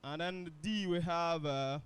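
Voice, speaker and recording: A man's voice: on the high side, measured pace, clear, resonant tone. A man teaching grammar to a classroom, often asking the students if they follow. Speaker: English teacher. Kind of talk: classroom lesson.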